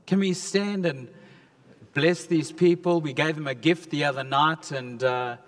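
Slow-talking pastor in a hall. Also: male voice, a little high. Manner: slow, chatty storytelling with warm asides. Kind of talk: casual address to a congregation. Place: church hall. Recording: long church hall reverb.

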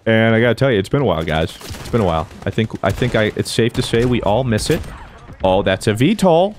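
Excitable man doing gameplay commentary. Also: fast talker. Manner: jokey, excitable, swings between low mutters and shouted cheers. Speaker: gaming YouTuber. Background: faint gunfire from the game.

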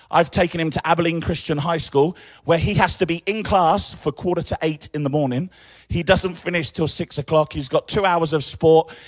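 An English man in his forties, emceeing an event with lively, joking stage talk. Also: fairly high pitch, no echo. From England. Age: 40s. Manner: animated, joking, chatty.

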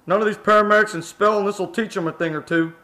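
A man's voice: high voice, fairly even intonation, fast, sharp tone. A man's synthesized voice playing a pompous one-eyed fire station commander who demands respect.

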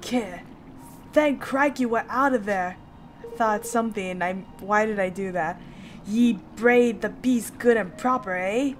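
A woman's voice: medium pitch, unhurried, soft background music, lightly acted. A woman voicing a blunt, cheerful male shipwright foreman in a broad Northern English accent, reading game dialogue. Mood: hearty. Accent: Northern English, put on. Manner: broad dialect, rough and hearty.

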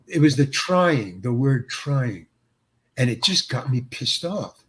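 An older man, an actor being interviewed, telling a story in a halting way with many restarts and acted-out quotes. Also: medium pitch, animated, fairly bright tone.

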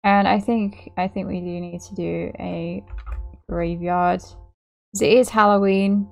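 A woman's voice: on the low side, fairly even intonation, slow pace, creaky, a little mellow. A young woman giving gameplay commentary as a channel host, apologetic and self-mocking, often laughing at her own work.

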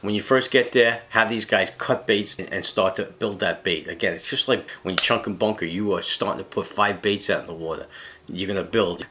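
A man's voice: low voice, sharp tone. A man giving a casual, blunt fishing how-to, tagging "all right?" onto nearly every point. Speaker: fishing guide.

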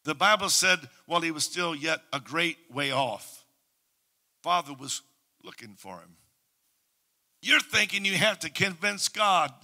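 Bright-voiced Canadian preacher, hushed to shouting. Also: male voice, on the high side, animated, a little slow, long pauses. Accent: Canadian English. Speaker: pastor. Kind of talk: Pentecostal sermon.

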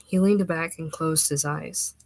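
A woman reading a literary short story aloud in a measured, expressive way. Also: sits low, dry recording, rough recording. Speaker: narrator.

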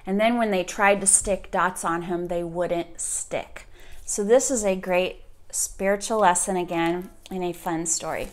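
A woman's voice: on the low side, fairly even intonation, measured pace. A woman, a homeschooling mother, chatting casually and eagerly about picture books and holding them up for the camera. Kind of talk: casual book recommendation chat.

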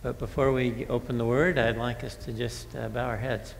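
A man's voice: mid-range voice, level tone, moderate pace, gravelly, hardly any pauses, a little hiss or hum. A man pastor preaching a sermon in a church, telling stories in a conversational way with frequent fillers. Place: church sanctuary. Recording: long church-hall reverb.

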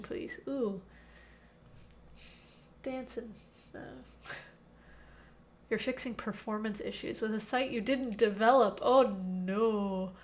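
A woman's voice: fairly high pitch, a little hiss or hum. A young woman hosting a casual live coding stream from home, reading chat aloud and answering questions with plenty of fillers. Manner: chatty, reads chat aloud, many fillers. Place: temporary home. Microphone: headphones with mic.

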